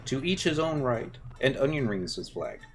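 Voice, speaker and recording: A man's voice: medium pitch, sing-song, normal speed. Rambling man chatting over his gameplay. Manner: rambling, muttered asides. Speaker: game streamer. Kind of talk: casual gameplay commentary. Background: faint game music.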